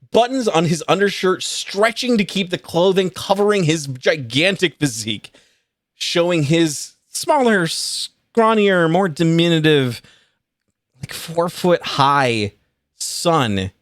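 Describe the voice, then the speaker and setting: An animated man narrates a tabletop game as its game master, playful and quick to laugh. His fairly high voice rises and falls a lot. The recording is dry and close. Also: no room sound.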